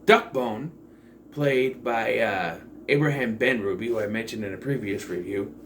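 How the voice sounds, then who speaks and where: A man giving a casual, rambling movie review, full of fillers and the occasional swear, jumping between loud excitement and quiet asides. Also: lowish voice, normal speed, a little hiss or hum. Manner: rambling and digressive, with profanity and many fillers.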